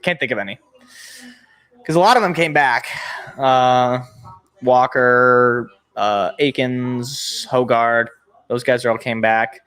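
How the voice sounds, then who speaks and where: A man's voice: medium pitch, fairly even intonation, takes it slowly, pauses often, fairly bright tone, clean tone. A young man hosting a sports show, reacting live with exasperated, sarcastic, rambling commentary. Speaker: sports podcast host.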